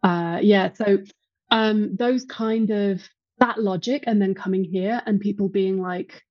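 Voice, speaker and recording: A woman's voice: medium pitch, steady tone, measured pace, no room sound, dull audio. A woman with a Midlands English accent, a guest in a casual interview, talking in a chatty, reflective way and laughing easily. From England.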